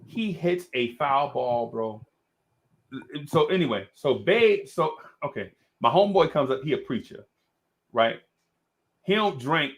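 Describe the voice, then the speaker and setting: A middle-aged man spinning a story in casual talk, laughing along and tossing in "bro" again and again. His voice is gravelly, and his pitch jumps all over the place as he gets into the story. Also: unhurried. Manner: animated, laughing, says "bro" a lot. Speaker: podcast host.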